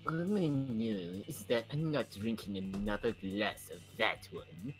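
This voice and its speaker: A man's voice: fairly low pitch, measured pace, faint music behind, lightly acted. A man putting on a sly, scheming gorgon woman. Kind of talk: video game voice-over reading.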